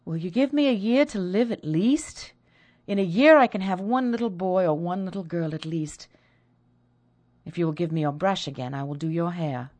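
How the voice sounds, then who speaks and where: A woman's voice: fairly low pitch, moderate pace, darkish tone, no echo, close to an everyday voice. A woman reading the part of a spirited, good-humoured young woman who is newly engaged.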